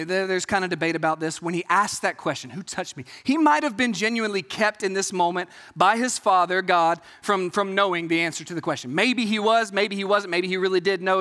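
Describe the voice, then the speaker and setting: A man preaching a Sunday sermon in a church, earnest and emphatic, rising to loud peaks and falling to quiet, intimate passages. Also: high-pitched. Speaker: pastor. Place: church sanctuary. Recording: long hall reverb.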